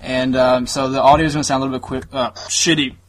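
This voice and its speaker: A young man co-hosting a podcast in crude, jokey banter, loud and profane, recorded on cheap gear. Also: medium pitch, little pitch movement, a little hiss or hum. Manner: loud, profane, jokey, puts on quick voices. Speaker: podcast co-host. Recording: cheap mic in a room, voice sometimes far.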